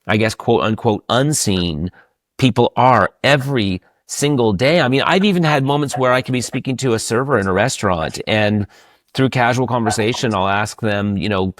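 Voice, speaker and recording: A man hosting an interview, telling anecdotes in a lively, heartfelt way. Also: normal speed, dry recording, studio quality. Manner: animated storyteller, rising in pitch when moved. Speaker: podcast host. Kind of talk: casual interview chat.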